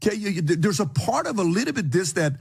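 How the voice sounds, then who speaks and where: A man sternly lecturing a colleague in a heated exchange. His husky voice sits high for a man and swings widely in pitch as he pushes his point fast. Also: very animated. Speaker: podcast host.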